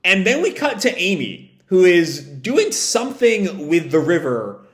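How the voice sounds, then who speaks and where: A man's voice: high-pitched, big pitch swings, a little slow. A man casually reading a comic aloud and commenting on it, rambling and correcting himself as he goes. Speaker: comic reaction host. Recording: echoey room.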